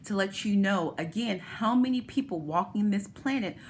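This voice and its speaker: A woman's voice: mid-range voice, expressive, normal speed, a little mellow, slight background noise. A woman hosting a talk, explaining a therapy idea step by step through everyday examples. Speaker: host.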